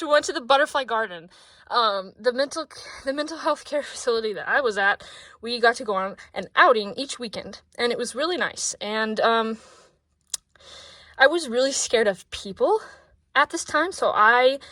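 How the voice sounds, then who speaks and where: A young woman in her twenties chats breathlessly at her desk, rambling and excitable, sometimes trailing into soft mumbles. Her voice sits on the higher side, and the recording is close and dry. She sounds a little winded. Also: moderate pace, no room sound. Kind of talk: casual sketchbook tour vlog.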